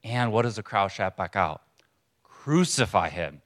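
A man preaching a sermon in a church to a congregation, in a conversational, earnest way with pauses for emphasis. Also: fairly low pitch, a bit bright. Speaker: pastor.

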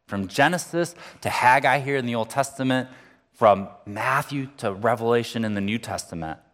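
A man's voice: lowish voice, in a large hall. A man preaching a sermon as pastor, talking earnestly and conversationally and lifting his voice when he reads scripture.

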